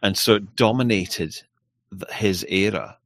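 A man's voice: deep voice, a little slow, a bit bright, no echo. A man from England in a casual podcast chat, blunt and opinionated, swearing freely. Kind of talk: casual conversation.

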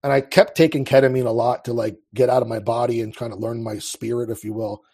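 Husky-voiced man in his thirties. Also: mid-range voice, fairly even intonation, fast, darkish tone. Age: 30s. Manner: rambling, restarts, frequent fillers. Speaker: interview guest. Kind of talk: casual rambling personal story.

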